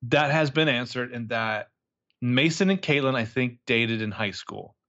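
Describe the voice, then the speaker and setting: A man co-hosting a casual podcast, recapping scenes with quick quoted asides and swearing. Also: mid-range voice, lively intonation, pushed and bright, dull audio. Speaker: podcast co-host recapping a show.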